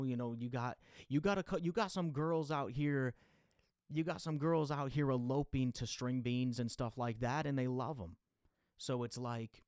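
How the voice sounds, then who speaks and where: A man's voice: medium pitch, no echo. Rambling young man, dry close sound. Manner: rambling, confessional, full of fillers and restarts; goes loud and exasperated when ranting. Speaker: podcast host. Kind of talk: casual monologue.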